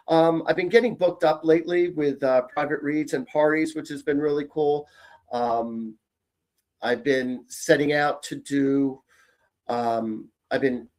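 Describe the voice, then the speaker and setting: A chatty, upbeat man from Canada hosts a psychic live stream and greets his viewers by name. His voice sits a little higher than most men's. He circles back and repeats himself as he talks. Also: a little mellow. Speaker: psychic medium, show host.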